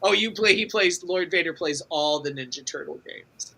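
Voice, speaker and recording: A man co-hosting a casual gaming chat, excitable and talkative, swearing freely. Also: on the high side, moderate pace, vocal fry. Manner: excitable, swearing, talks over others. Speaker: podcast co-host.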